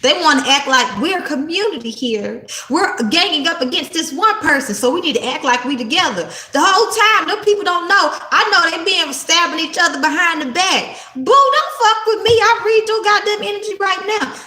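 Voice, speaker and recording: A woman in her thirties reads tarot cards in a casual spiritual vlog, blunt, defiant and full of swearing. Her voice sits high and swings widely in pitch. It sounds bright and sharp, and it echoes around the room she records in. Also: lively intonation, normal speed, hardly any pauses. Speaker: tarot card reader.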